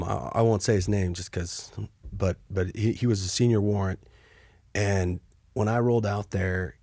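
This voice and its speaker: A man telling war stories as a podcast guest, acting out quotes with sudden yelps and hushed asides. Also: sits low, creaky, breathy edge, no room sound, clean studio sound. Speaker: podcast guest, Army helicopter pilot. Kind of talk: casual storytelling.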